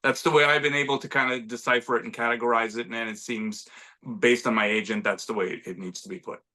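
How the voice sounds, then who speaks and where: A man's voice: mid-range voice, steady tone, fast, sharp tone. A middle-aged man from Montreal, an actor chatting as an interview guest, self-deprecating and full of restarts. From Montreal, Canada. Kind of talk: casual interview conversation.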